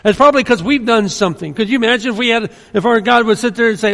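Preacher, male, high gravelly voice, earnest and emphatic, long hall reverb. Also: quick pace, a bit bright. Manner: earnest, emphatic, with frequent restarts. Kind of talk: sermon.

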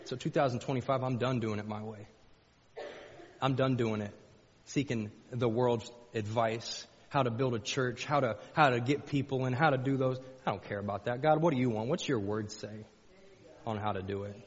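A pastor preaches a sermon in a mid-range voice at normal speed, folksy in style. He repeats phrases and rises into fervent pleading. The recording is dull and lo-fi, with long hall reverb.

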